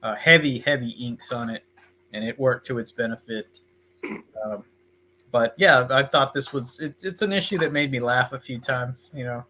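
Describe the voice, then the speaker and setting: A man's voice: medium pitch, normal speed, pushed and bright. A man, co-hosting a podcast in casual chat, with a laid-back, dry joking manner. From Texas. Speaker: podcast co-host.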